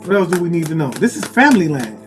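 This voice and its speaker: High-voiced man doing a tarot reading. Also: very animated, fast talker, over music. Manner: musing, repetitive, calls on spirit. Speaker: tarot reader. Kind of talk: casual spiritual reading.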